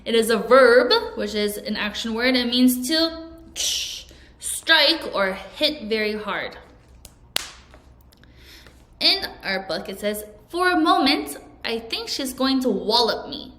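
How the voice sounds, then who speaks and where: Higher-voiced woman teaching vocabulary, echoey room. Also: animated, slow, fairly bright tone. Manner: explains words and has learners repeat after her. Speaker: English teacher. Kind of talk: vocabulary lesson.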